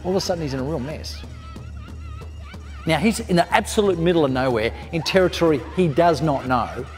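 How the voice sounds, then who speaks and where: A man's voice: a little high, animated, a little fast. A man telling a parable in an educational talk, emphatic and conversational. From Australia. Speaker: storyteller, speaker. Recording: long hall reverb, faint music.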